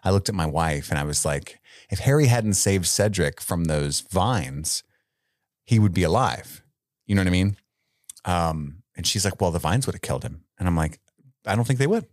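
A man's voice: low-pitched, animated, normal speed, dry recording, studio quality. A man co-hosting a podcast, chatting casually about a movie, joking and laughing a lot. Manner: jokey, laughs often, slips into goofy voices. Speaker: podcast co-host. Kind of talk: casual movie review chat.

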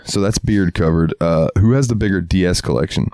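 A man co-hosting a casual podcast, laid-back and quick to laugh, trailing off with fillers. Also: low-pitched, dark tone, dry recording, clean studio sound. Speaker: podcast co-host.

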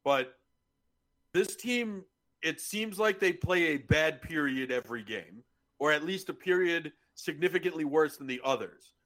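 A man's voice: on the high side, animated, a little slow, a bit bright. A man co-hosting a casual podcast, blunt and swearing freely in chat. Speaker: podcast co-host.

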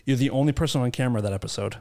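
A man's voice: mid-range voice, rapid-fire, a crowd in the background. A man co-hosting a podcast in casual banter, teasing his co-hosts and laughing often. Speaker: podcast co-host.

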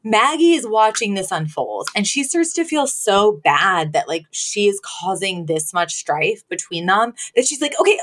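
A woman's voice: medium pitch, moderate pace, hardly any pauses. A woman co-hosting a podcast, retelling a sitcom episode in casual chat and laughing often. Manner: animated storyteller, laughs often. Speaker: podcast co-host.

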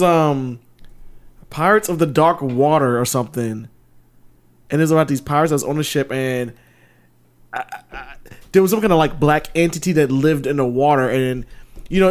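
Excitable podcast dude, kinda high voice, laughs and swears a bunch. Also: male voice. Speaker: podcast co-host. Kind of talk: casual chat.

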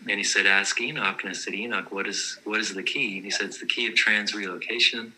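A man's voice: lowish voice, steady tone, fairly quick, bright, forceful tone, low-quality recording. A man telling personal vision stories in a casual, earnest, matter-of-fact way.

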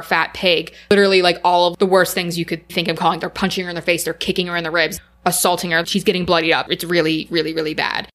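A woman co-hosting a podcast, retelling a film's plot in casual, animated chat with lots of "like" fillers. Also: lowish voice. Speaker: podcast co-host. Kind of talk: casual film recap chat.

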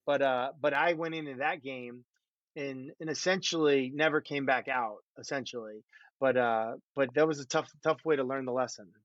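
A man's voice: medium pitch, normal speed, dry recording. A middle-aged man and former pro quarterback, telling stories about himself in a self-deprecating, laughing way in casual conversation. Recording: dull, dry muffled audio.

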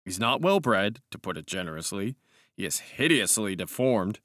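A man's voice: fairly low pitch, big pitch swings, normal speed, fairly bright tone, no room sound, clean studio sound. A man voicing a brash, breezy young male cavalry officer who speaks in a hearty, impatient way. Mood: blunt.

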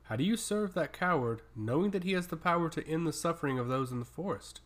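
A man's voice: on the high side, lively intonation, fast talker, a bit bright. A man voicing a proud, powerful woman priestess who speaks in a curt, cutting way, in an audiobook reading. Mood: pressing.

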